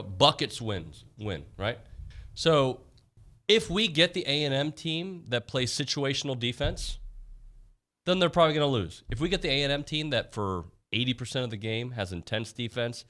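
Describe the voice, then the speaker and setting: A man co-hosting a sports radio show, chatting casually and with strong opinions. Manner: animated, opinionated, voices quotes in a high put-on tone.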